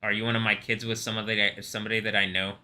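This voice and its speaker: A man's voice: fairly low pitch, little pitch movement, fast talker, pushed and bright. A man hosting a live stream, chatting casually in a rambling way, laughing often and swearing freely. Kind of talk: casual reaction stream commentary.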